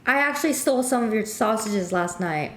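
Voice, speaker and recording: A woman's voice: medium pitch, lively intonation, brisk, fairly bright tone, echoey room, slight background noise. A woman streamer chatting playfully with an AI, teasing it. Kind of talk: casual chat with an AI on stream.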